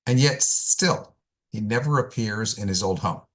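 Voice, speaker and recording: A male rabbi delivering a sermon, telling stories with emphatic repetition and deliberate pauses. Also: fairly low pitch, fairly bright tone.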